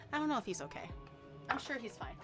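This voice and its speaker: A woman's voice: on the high side, big pitch swings, moderate pace, over loud music. A young woman chatting casually while cooking on her stream, explaining each step and swearing now and then.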